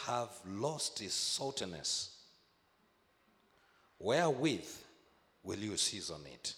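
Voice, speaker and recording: A man preaching a sermon, emphatic, repeating phrases and slowing to stress key words. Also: medium pitch, lively intonation, fairly bright tone, in a large hall.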